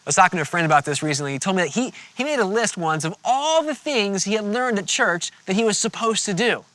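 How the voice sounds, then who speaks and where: Man, pastor, sermon, conversational storytelling, bright clear voice, a bit high, faint music behind. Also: fast talker, no echo. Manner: conversational, animated storytelling with playful asides.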